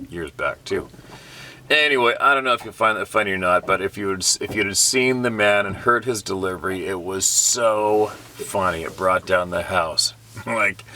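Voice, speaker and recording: A man's voice: deep voice, sharp tone. A man who hosts a hunting channel, telling stories in a casual, joking way and laughing often, tired and sunburnt. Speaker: host, hunting guide. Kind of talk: casual storytelling to camera. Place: in his boat on the water.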